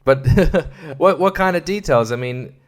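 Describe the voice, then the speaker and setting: A man's voice: fairly high pitch, lively intonation, measured pace. An Australian man hosting a podcast, giving a sarcastic comedic monologue and chuckling between jokes. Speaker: podcast host.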